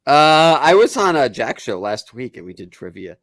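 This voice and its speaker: A man's voice: medium pitch, big pitch swings, normal speed, a bit bright, no room sound, clean studio sound. A man hosting a casual podcast chat, boisterous, laughing often and swearing freely. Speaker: podcast host.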